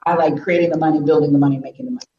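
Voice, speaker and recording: Animated middle-aged woman, echoey room. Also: deep voice, rapid-fire, dull audio. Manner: animated, laughs often, acts out quotes. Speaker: guest, business coach. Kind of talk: emotional storytelling interview.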